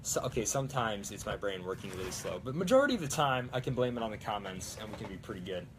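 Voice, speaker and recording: A man's voice: fairly low pitch, big pitch swings, quick pace, noisy background. A young man hosting a prop-building live stream, chatting casually and rambling with plenty of fillers. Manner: rambling, lots of fillers and restarts.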